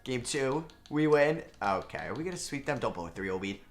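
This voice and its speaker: A man doing video game commentary, reacting with excitement and frustration as he plays through a basketball simulation. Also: mid-range voice, a little fast, background noise. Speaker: gaming video creator.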